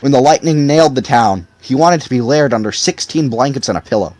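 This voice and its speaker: A man's voice: medium pitch, animated, brisk, a little mellow, no echo. A man reading a novel aloud expressively as audiobook narrator. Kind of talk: scripted narration.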